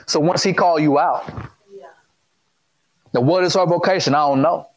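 A man's voice: fairly high pitch, normal speed, long pauses, low-quality recording. A man preaching a sermon who cuts in on the scripture reading with questions and repeats his phrases in a loose, informal way.

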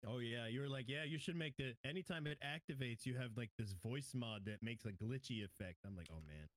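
A man from New York, a guest streamer, chats quickly and with animation, laughing easily. His pitch is middling. The recording is dry and close-miked. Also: no echo, rough recording. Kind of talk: casual chat.

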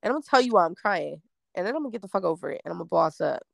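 Young female singer, gravel in her voice, dry close sound; blunt, slangy, laughs easily. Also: lowish voice, expressive, racing, dry recording. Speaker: singer promoting her debut EP. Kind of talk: casual interview chat.

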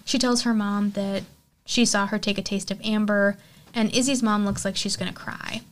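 A woman hosting her own horror podcast walks through a film's story in an easygoing, conversational way. Her voice sits at an ordinary middle pitch, and she leans on "like" and "you know" as she talks. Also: fairly even intonation, normal speed. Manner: chatty, lots of "like" and "you know". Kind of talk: casual film recap and review.

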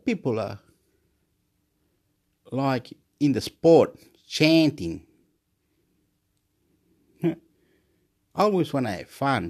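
A man from Chile, rambling in a monologue, swinging between loud excited boasting and quiet muttering and repeating words over and over. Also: mid-range voice, takes it slowly, long pauses.

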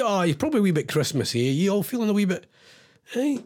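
Scottish male DJ, slightly high voice, lively pitch, playful and teasing, casual quiz chat. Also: fairly quick. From Scotland. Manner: playful and teasing, reads out comments. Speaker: radio DJ.

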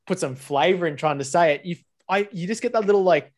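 A man's voice: high-pitched, quick pace, a little mellow. A man with a New Zealand accent chatting casually on a podcast, joking loosely and swearing. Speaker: podcast co-host. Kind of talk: casual chat.

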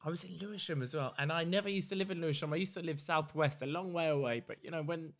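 A man's voice: a little high, quick pace. A man co-hosting a casual podcast, telling a story in a camp, gossipy way with lots of laughter. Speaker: podcast co-host. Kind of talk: casual chat.

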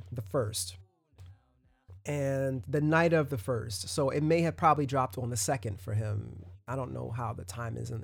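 A man's voice: mid-range voice, vocal fry, no room sound. A man hosting his own podcast, talking loosely in a casual solo monologue with restarts and asides. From United States. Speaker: podcast host.

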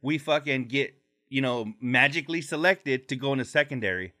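A man's voice: medium pitch, a little fast, pushed and bright. A man co-hosting a podcast, telling rambling stories in casual chat, cursing often and slipping into voices for the people he quotes. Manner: rambling storyteller, heavy swearing, puts on voices in quotes. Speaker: podcast co-host.

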